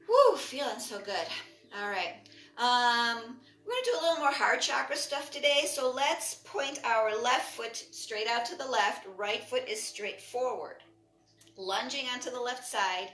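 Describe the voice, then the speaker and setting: A woman instructor leading a breathwork and movement class with calm, short spoken cues paced to the breath. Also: on the high side. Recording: echoey room from far off.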